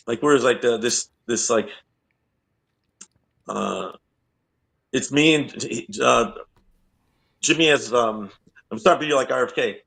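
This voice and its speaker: A male comedian chatting on a comedy podcast, telling stories in a rambling, halting way with lots of restarts and laughing. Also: medium pitch, vocal fry, fairly bright tone. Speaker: comedian guest. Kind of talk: casual comedy podcast chat.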